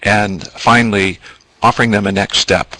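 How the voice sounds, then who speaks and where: A man's voice: on the low side, fairly even intonation, normal speed, sharp tone, no echo, poor audio. A man presenting a business training webinar, explaining at length with ums and asides.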